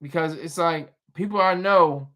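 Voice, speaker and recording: A man's voice: on the high side, a little slow, pushed and bright. A man hosting a casual livestream, rambling through his thoughts with restarts and chatting with viewers. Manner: rambling, restarts, chuckles at chat. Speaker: livestream host reading chat.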